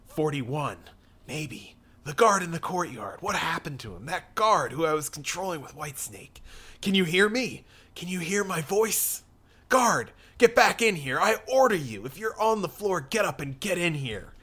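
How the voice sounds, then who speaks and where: A man's voice: a little high, big pitch swings, normal speed, pushed and bright, breathy edge, pitched above the performer's own voice, full character voice. A man voicing a composed, scheming middle-aged priest, often muttering under his breath while reading comic dialogue aloud.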